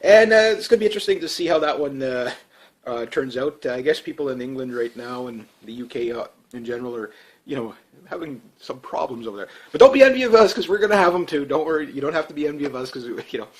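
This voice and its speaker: A man's voice: medium pitch, animated, quick pace. A man giving a casual, rambling political rant to his channel's viewers, sarcastic, with chuckling asides. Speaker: political commentary vlogger.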